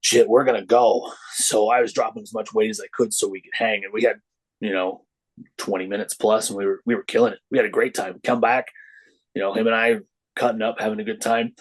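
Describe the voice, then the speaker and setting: Low-voiced man telling lively stories. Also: husky, poor audio. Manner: storytelling, acts out quoted voices with lively pitch jumps. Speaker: podcast guest, professional wrestler. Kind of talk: casual chat.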